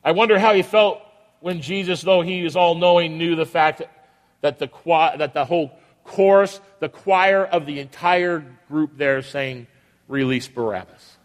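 High-voiced male pastor in a reverberant hall. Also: unhurried. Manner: preaching with rhetorical questions, acting out quoted voices. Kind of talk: sermon. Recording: long reverb of a large hall.

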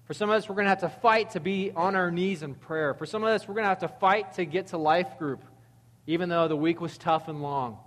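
A man preaching a sermon in a conversational, animated way, reading verses and acting out quotes. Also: high-pitched, fairly quick, big-room sound. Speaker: pastor.

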